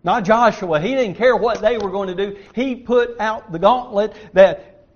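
A man preaching a sermon, stressing key words loudly and dropping to quiet asides. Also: sits high, unhurried, dull audio. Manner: emphatic, swings between loud stress and quiet asides.

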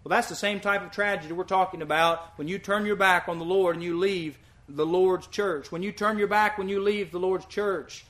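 A visiting preacher, male, delivers his sermon in a high, ringing voice with a bright, pressing edge. Earnest and emphatic, he repeats points to drive them home, keeping a steady tone and moderate pace.

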